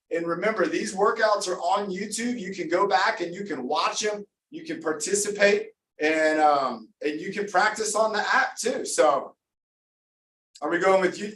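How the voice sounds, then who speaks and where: A man's voice: high-pitched, a bit bright, roomy sound, recorded from a distance, slight background noise, poor audio. A man leading a live online workout class as coach, upbeat and encouraging, calling out names and counting down reps. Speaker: fitness coach.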